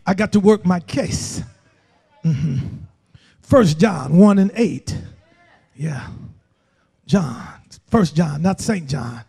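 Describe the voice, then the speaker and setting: An older man preaching a fiery church sermon, shouting and laughing as he urges the congregation to answer him. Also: fairly high pitch, animated, takes it slowly, gravelly, pauses often, slightly rough. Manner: shouting, urging the congregation with call-and-response and frequent laughs. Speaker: pastor. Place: church sanctuary.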